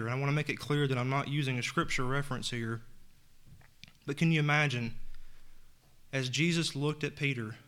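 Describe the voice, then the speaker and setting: A man's voice: mid-range voice, a bit bright. Earnest man preaching a sermon. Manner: earnest, reads scripture aloud and retells it in plain words.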